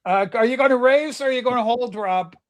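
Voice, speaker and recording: High-voiced man bantering on a livestream. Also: brisk, a crowd in the background. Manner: exclaims "holy smokes", teasing. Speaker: livestream host. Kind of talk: casual banter.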